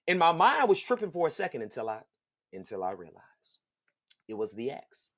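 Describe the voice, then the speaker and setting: A man hosting a podcast, telling a personal story in a casual, slangy, animated way and laughing along the way. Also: high-pitched, a little fast. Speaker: podcast host.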